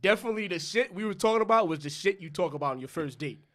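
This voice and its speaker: A man's voice: high voice, lively intonation, racing, fairly bright tone. Young man telling a profane story. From New York. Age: young adult. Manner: loose, profane storytelling, acting out both sides of dialogue. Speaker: podcast co-host. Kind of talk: casual storytelling chat.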